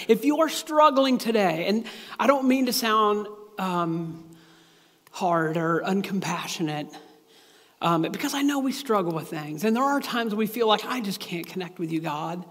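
High-voiced man preaching in a hall. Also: a little slow. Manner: earnest, animated preaching with repetitions. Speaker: pastor. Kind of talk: sermon. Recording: long hall reverb.

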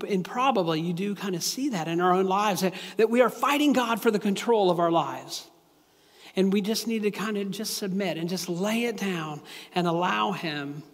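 A man's voice: sits high, normal speed. A man preaching a sermon as a pastor, casual and confessional, with many restarts and asides. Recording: echoey hall with long reverb.

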